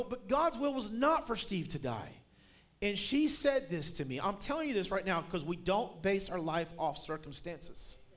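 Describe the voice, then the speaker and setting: A middle-aged male preacher with a strikingly high voice delivers a sermon. He tells his story in a conversational way, then lifts his voice into shouted emphasis on the key lines. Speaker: guest preacher.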